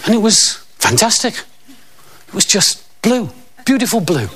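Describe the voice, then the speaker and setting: A man's voice: high voice, big pitch swings, moderate pace, fairly bright tone, husky. A middle-aged man telling a rambling, self-mocking comic story.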